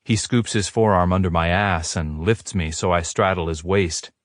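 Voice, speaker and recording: A man narrating a romance audiobook in a measured, steady storytelling voice. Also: low-pitched, no echo, clean studio sound. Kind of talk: scripted narration.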